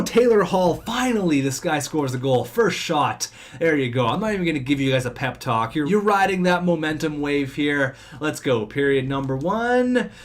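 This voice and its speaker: Young male gamer, slightly high voice, fast animated play-by-play commentary, cheers and groans. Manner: talks fast. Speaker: gaming commentator. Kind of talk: excited let's-play commentary.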